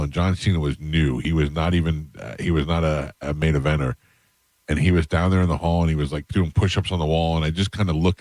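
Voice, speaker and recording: A man's voice: very deep voice, darkish tone, no room sound. A man hosting a radio talk show, telling rambling stories in a chatty, casual way. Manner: storytelling, rambling, quick and chatty.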